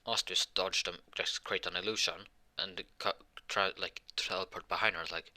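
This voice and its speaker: A man improvises a fan-fiction story aloud, rambling and halting with many restarts and self-corrections. His voice sits low with fairly even intonation.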